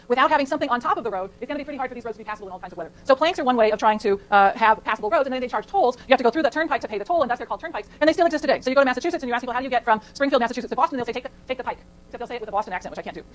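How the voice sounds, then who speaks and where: A woman's voice: high voice, rough recording. A middle-aged woman from California giving a chatty classroom lecture, digressing into anecdotes and asking the class questions. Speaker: college lecturer. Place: lecture hall.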